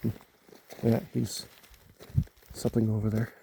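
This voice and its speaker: A man from Canada talking casually to his phone in the woods at night, halting and musing as he repeats words while gathering his thoughts. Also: fairly low pitch, little pitch movement, creaky, dark tone, a little hiss or hum. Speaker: vlogger. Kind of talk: casual rambling talk to camera. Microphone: handheld phone.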